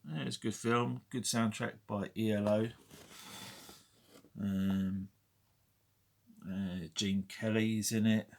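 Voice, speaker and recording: A man's voice: lowish voice, level tone, slow, vocal fry, pauses often. A middle-aged man chatting casually as he looks through his record collection, wry and rambling, with muttered asides and snatches of sung tunes. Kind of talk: casual chat.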